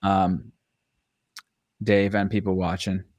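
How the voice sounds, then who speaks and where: A man's voice: low voice, level tone, slow, a little mellow, muffled recording. A man hosting a live stream, talking casually with hyped energy, slang and a lot of swearing. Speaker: host of a live listing audit.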